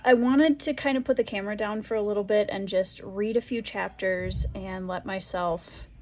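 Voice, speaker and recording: A young woman talks straight to camera in a casual reading vlog. Her voice is mid-pitched, and she rants in frustration, circling back and repeating her points. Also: darkish tone. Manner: frustrated ranting, repetitive. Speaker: book vlogger.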